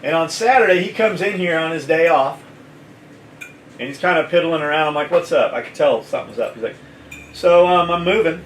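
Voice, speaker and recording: A man's voice: fairly high pitch, lively intonation, a little fast, a little hiss or hum. A man who owns a gear company, telling a story in casual chat, blunt and full of swearing. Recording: echoey room, mic at a distance, faint kitchen clatter.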